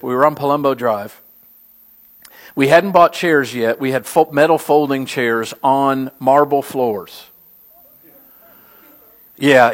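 High-voiced man preaching an animated sermon. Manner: animated storytelling, rising to emphatic peaks. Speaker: pastor.

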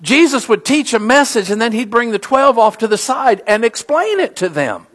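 A middle-aged man preaches a sermon in a fairly high voice. He tells stories with animation and pushes his key lines to emphatic peaks. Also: big pitch swings, moderate pace, fairly bright tone. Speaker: pastor.

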